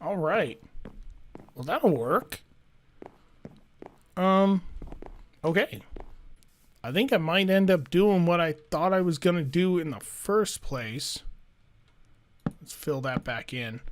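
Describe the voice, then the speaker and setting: A man narrating his own building game in a slow, unhurried way, pondering each step out loud. His voice sits a little on the high side for a man, and he muses and mutters to himself while he plays. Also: expressive, slight background noise. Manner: thinks aloud, musing and self-talking. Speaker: gaming YouTuber. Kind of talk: let's play commentary.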